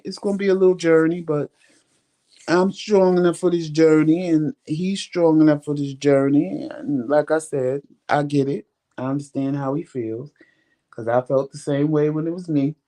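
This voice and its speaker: A man's voice: a little high, warm tone, no echo. A man, vlogging and casually telling viewers a long story, acting out the conversations he had. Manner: retells conversations with many quoted lines.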